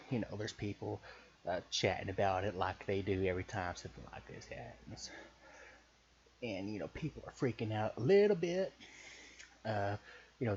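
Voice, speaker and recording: A man with a Southern US accent pitching a story in loose, profane, hesitant casual talk full of fillers. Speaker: podcaster pitching a story idea. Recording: muffled recording with faint hiss.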